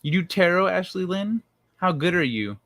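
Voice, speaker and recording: Lively and fairly bright, a man's high voice moves at a moderate pace as he hosts a casual livestream. He goes through viewer comments, swears freely and jokes loosely with the chat.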